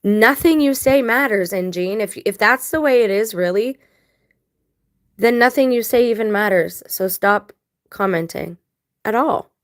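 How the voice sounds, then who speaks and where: A woman's voice: fairly high pitch, moderate pace. A woman vlogging casual commentary to her viewers, blunt and emphatic, talking straight to the audience. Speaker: video blogger.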